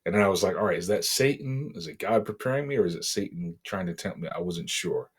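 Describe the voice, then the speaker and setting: A middle-aged man from Boston, a podcast guest, telling a painful personal story in a halting, emotional way with many fillers. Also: low-pitched, lively intonation, slightly rough. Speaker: interview guest.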